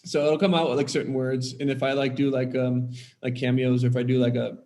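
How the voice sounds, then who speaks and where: A man's voice: mid-range voice, little pitch movement, a little fast, dark tone. A man from Wisconsin, a podcast guest chatting casually, rambling with many filler words.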